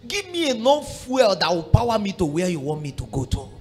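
A middle-aged man preaching a sermon as pastor, fervent, moving from murmured prayer to shouted exhortation. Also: high-pitched, huge pitch swings, brisk, faint music behind.

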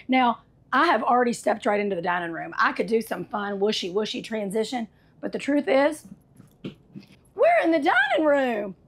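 A woman hosting an RV walkthrough inside a travel trailer, chatty and sassy, calling viewers honey and y'all. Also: fairly high pitch. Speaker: RV tour host. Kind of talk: enthusiastic walkthrough review.

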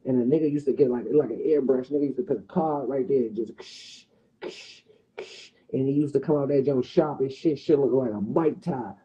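A man's voice: medium pitch, fast, few pauses, warm tone, highs cut off. A man with a Washington DC area accent hosting a livestream, roasting someone in a profane, mocking, rowdy rant. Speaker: livestream host.

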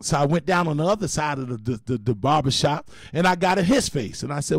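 Gravelly-voiced preacher with dramatic delivery. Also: male voice, a little high, lively intonation, quick pace, no room sound, clean studio sound. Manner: folksy, dramatic preaching with repeated call-outs. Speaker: bishop and preacher. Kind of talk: storytelling sermon on gospel radio.

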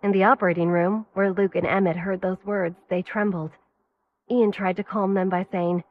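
A woman reads a dramatic story in a steady, even narrating voice. Her pitch sits in the middle of the range. The recording is dull and lo-fi. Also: normal speed. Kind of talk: scripted audiobook narration.

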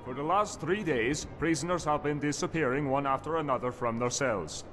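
A man's voice: fairly high pitch, a little fast, a bit bright, a little hiss or hum, close to an everyday voice. A man voicing a stern male official in a game, asking for help in a put-on northern-sounding accent. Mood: urgent. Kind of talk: game character dialogue.

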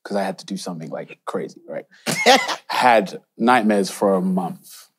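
A man's voice: deep voice, wildly swooping pitch, measured pace, fairly bright tone, husky. A man telling a personal story in a confiding, storytelling way.

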